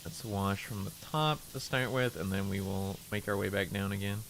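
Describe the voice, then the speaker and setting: A man casually chatting on a game stream, speaking in a relaxed, low-key and unexpressive way, deliberately keeping his voice in a lower register. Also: slight background noise. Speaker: livestreamer.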